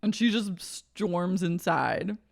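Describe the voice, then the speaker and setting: Podcast co-host, woman, lowish voice, quick wry gossip with acted-out quotes. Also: expressive, creaky. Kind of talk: casual chat recapping reality TV.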